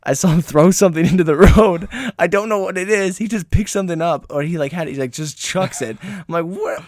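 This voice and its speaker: A man's voice: high voice, fairly quick, darkish tone, no echo. Young male co-host, loose and jokey, breaks into laughter and silly voices; dry, close mic. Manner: laughs often, goofy voices. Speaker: podcast co-host. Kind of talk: casual chat.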